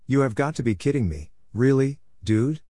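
A man's voice: mid-range voice, animated, moderate pace, warm tone, no echo, studio quality, voice pushed up, close to an everyday voice. A man voicing a stubborn, sarcastic, experienced male genie who talks in a flippant, grumbling way.

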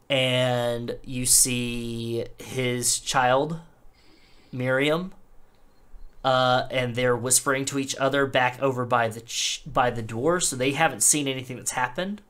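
A man's voice: medium pitch, fairly even intonation, takes it slowly, fairly bright tone, smooth. A man narrating as game master in a tabletop game, loose and full of fillers.

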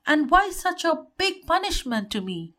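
Woman narrator voicing a young storybook princess, plaintive and pleading, pitched high and lively. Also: a little slow, exaggerated voice.

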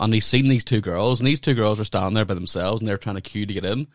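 A man's voice: lowish voice, fairly even intonation, fast, few pauses, no echo, studio quality. A man, a comedian and podcast co-host, telling rambling, profane stories in a casual chat over a video call.

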